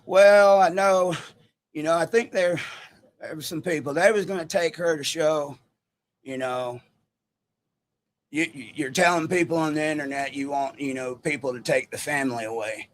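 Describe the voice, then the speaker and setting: A man voicing a middle-aged man caught lying, stammering and halting through his excuses in a raised, put-on voice. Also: on the high side, sharp tone. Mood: evasive.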